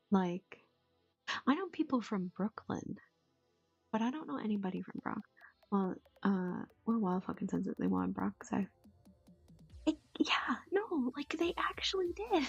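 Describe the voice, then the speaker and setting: Husky young woman rambling on stream. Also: mid-range voice, normal speed, no echo. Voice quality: husky, gravelly. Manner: rambling, swears casually, many fillers. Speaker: voice actor streamer. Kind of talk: casual stream chat. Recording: dull lo-fi stream audio with faint music.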